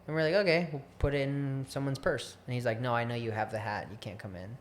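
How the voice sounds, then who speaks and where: A young man co-hosting a casual podcast, relaxed and mostly chiming in with short agreements and side details. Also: medium pitch, fast talker. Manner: laid-back, chimes in with short agreements. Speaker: podcast co-host. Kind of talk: casual chat.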